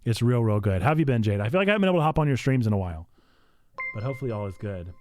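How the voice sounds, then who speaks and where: A man's voice: mid-range voice, big pitch swings, very fast, a little mellow. A man streaming a video game, chatting casually with his viewers. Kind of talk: casual live gameplay chat. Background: game music.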